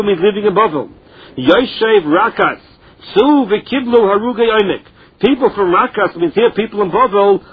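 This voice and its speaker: Male Talmud teacher, reads then translates phrase by phrase, high husky voice, muffled lo-fi recording. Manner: reads a phrase then explains it in plain words. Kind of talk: Talmud lesson, reading and translating. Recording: dull lo-fi recording.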